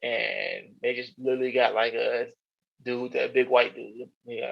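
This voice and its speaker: This man's gravelly, mid-range voice holds fairly even intonation at a moderate pace. He co-hosts a podcast, offering rambling, swear-filled opinions in casual chat with frequent restarts, all captured in dull lo-fi sound.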